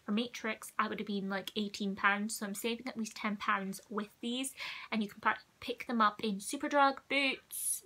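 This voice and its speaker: A young woman from the United Kingdom rambles cheerfully through her favourite products. Her voice is bright and forward, and her casual chat drifts into asides and self-corrections. She pitches her voice in an ordinary middle range. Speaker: beauty vlogger.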